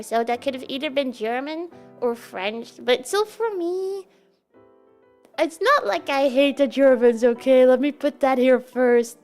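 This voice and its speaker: A woman's voice: sits high, a little mellow. A young Dutch woman with a Dutch accent, a native Dutch speaker, chatting playfully with her live stream viewers and giggling often. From Netherlands. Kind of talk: casual chat with live viewers.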